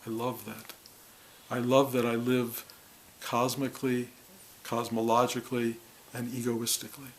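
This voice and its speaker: A man speaking as a spiritual teacher to a gathering, earnest and heartfelt, in short halting phrases. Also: mid-range voice, level tone, rough recording. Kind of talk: reflective spiritual talk to a gathering.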